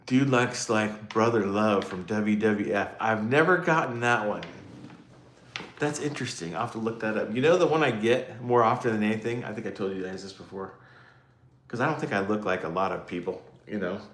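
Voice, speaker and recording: This male streamer talks briskly in a lowish, slightly bright voice, rambling and self-mocking as he chats with viewers on a casual livestream. The sound is roomy.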